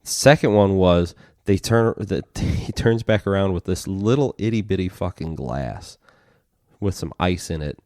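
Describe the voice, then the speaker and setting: Deep-voiced man telling a rambling story. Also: measured pace, darkish tone, no room sound, studio quality. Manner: profane, rambling storyteller acting out quotes. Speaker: podcast co-host. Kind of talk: casual storytelling chat.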